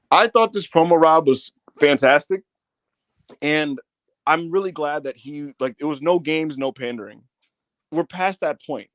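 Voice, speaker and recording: A man's voice: on the high side, measured pace, a bit bright, no room sound. A man co-hosting a wrestling review podcast in loose, slangy banter, laughing often. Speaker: podcast co-host. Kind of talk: casual wrestling review chat.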